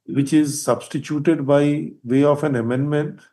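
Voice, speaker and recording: Older judge, mellow low-key tone, probing and insistent in court. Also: male voice, steady tone, a little slow. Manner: probing, pointed questions, repeats words while thinking. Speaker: presiding judge. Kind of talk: courtroom hearing.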